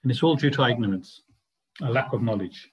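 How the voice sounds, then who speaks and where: A man's voice: medium pitch, quick pace, highs cut off. A man teaching a spiritual study group, explaining ideas earnestly and asking the class rhetorical questions. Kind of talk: class discussion lecture.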